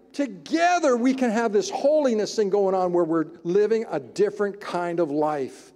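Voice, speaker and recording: A man preaching a sermon as pastor, in an emphatic, conversational style with dramatic pauses. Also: high-pitched, darkish tone, big-room sound. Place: church sanctuary.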